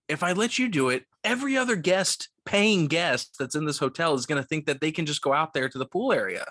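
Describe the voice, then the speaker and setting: A young man co-hosting a casual podcast, telling stories with lots of swearing and animated quoting, sounding a bit tipsy. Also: a little high, a little fast, no echo, clean studio sound. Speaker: podcast co-host. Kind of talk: casual chat, storytelling.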